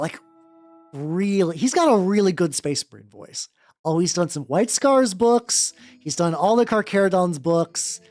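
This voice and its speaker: A man with a naturally high voice chatting casually on a livestream while painting miniatures, rambling and swearing freely. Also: a little mellow. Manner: rambling, many fillers and restarts, swears freely.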